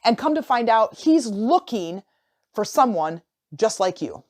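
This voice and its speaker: A woman hosting a motivational coaching podcast, telling a story in a casual, animated way, often repeating and restarting her phrases. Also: fairly high pitch, a little slow. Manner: animated, acts out imagined dialogue. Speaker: podcast host and life coach.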